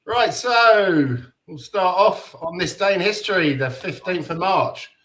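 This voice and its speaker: A man's voice: high-pitched, lively intonation, sharp tone, a little hiss or hum. A man hosting a casual fan stream, greeting everyone by name and keeping things moving. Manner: upbeat, greets everyone by name, quick asides. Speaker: stream host. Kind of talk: casual chat.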